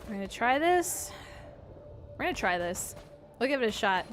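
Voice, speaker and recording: High-voiced woman yelping over gameplay. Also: normal speed. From Canada. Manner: excitable, yelps and swears at the game. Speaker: streamer. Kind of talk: live gameplay commentary. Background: game music.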